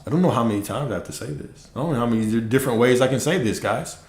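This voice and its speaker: A man's voice: expressive, quick pace, darkish tone. Blunt, preachy man in an echoey room. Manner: blunt, preachy, profane, mocks listeners in high put-on voices. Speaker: manifestation coach. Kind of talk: casual livestream talk.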